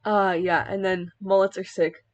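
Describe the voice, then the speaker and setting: A woman's voice: medium pitch, flat delivery, normal speed. Rambling, giggly young woman. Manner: rambling, heavy use of filler words; giggly, laughs mid-sentence. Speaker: cosplayer. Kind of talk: casual vlog chat while styling a wig.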